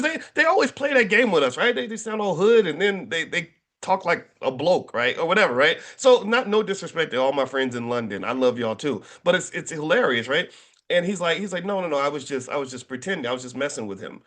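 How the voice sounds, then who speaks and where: A middle-aged man talks to a crowd with a lively, swooping pitch that jumps up when he gets excited. He tells stories with jokes and stumbles over his words, restarting sentences as he goes. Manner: animated, joking storyteller with many restarts. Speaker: finance educator and speaker. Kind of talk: casual talk to an audience.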